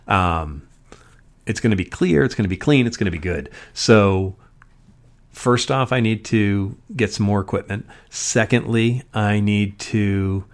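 A man's voice: on the low side, unhurried. A man hosting his own podcast, talking alone in a rambling, profane way with frequent ums. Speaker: podcast host. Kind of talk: solo podcast monologue. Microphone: podcast mic.

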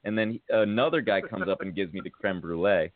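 A man's voice: sits low, a little fast, no room sound. An American man, a podcast host, telling a rambling, casual story with many fillers. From United States. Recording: tinny phone-like sound.

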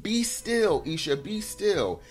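A man voicing his own mother as a firm, scolding parent telling a fidgety child to sit still, speaking higher than his own voice. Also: sing-song, slow pace, soft background music. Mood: stern.

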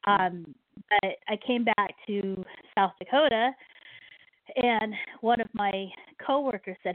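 A woman's voice: medium pitch, measured pace, dry recording. A woman radio host with a Midwestern American accent, telling a rambling story on a chat show. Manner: rambling, self-correcting storyteller. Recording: tinny phone-line audio.

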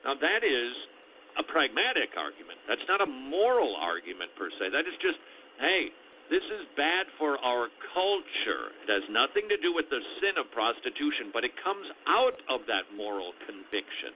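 A man's voice: medium pitch, very animated, normal speed. A man hosting a radio talk show, thinking aloud and acting out imagined quotes. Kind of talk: conversational radio commentary. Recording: tinny phone-like radio audio with faint noise.

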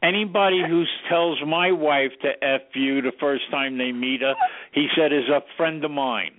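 A man's voice: a little high, measured pace. A man, a former studio sound engineer, telling anecdotes casually in an interview and acting out the dialogue. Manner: animated storyteller who acts out quoted dialogue. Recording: tinny phone-like radio audio.

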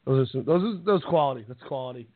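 A man co-hosting a podcast in casual chat, laughing often and telling animated stories. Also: mid-range voice, fast talker. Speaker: podcast co-host. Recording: tinny phone line, dry.

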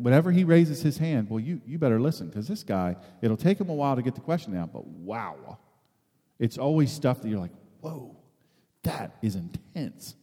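A preacher man talks his way through a sermon in a loose, conversational manner, circling back and restarting his sentences. His voice is mellow and dark, and it carries a long reverb from the hall. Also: fairly low pitch. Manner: rambling, conversational, with many restarts. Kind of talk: informal sermon.

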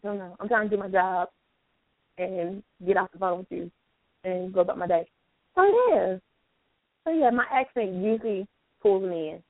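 A woman's voice: mid-range voice, no echo. A woman with a North Carolina accent, chatting animatedly and emphatically on a talk show. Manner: animated, talks fast and emphatic. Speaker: show regular. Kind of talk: casual chat. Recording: tinny phone-line audio.

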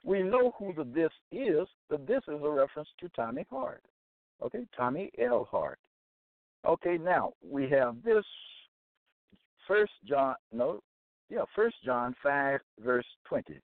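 A man's voice: a little high, very animated, a little slow, dry recording. A man hosting a religious broadcast, preaching on Bible passages in an emphatic, repetitive way and checking in with "okay?". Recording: tinny phone-line sound, dry.

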